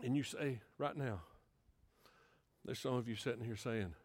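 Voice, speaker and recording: A middle-aged man preaching a sermon, moving between emphatic rising passages and quiet, hushed storytelling. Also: mid-range voice, moderate pace, noisy background. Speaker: pastor.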